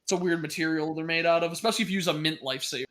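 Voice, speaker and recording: A man with a slightly high voice, co-hosting a podcast. He tells rambling anecdotes in an easy, casual way and swears now and then. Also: rapid-fire, a bit bright. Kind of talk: casual chat.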